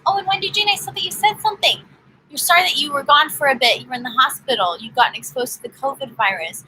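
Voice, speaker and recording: Chatty woman doing a live tarot stream, bright and sharp, swoops up and down a lot. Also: high voice, expressive, quick pace, a little hiss or hum, low-quality recording. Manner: chatty, upbeat, talks straight to viewers. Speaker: tarot reader.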